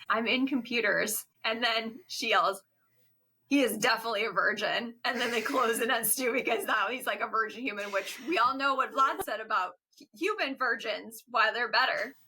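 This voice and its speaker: A woman co-hosting a podcast, casually retelling film scenes and slipping into quick quoted lines. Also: a little high, pushed and bright, breathy edge. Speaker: podcast co-host. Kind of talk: casual movie recap chat.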